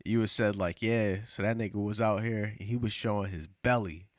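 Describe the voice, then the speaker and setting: A man's voice: lowish voice, steady tone, normal speed, no room sound, clean studio sound. A man co-hosting a podcast in laid-back casual chat, repeating phrases and laughing often. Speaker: podcast co-host.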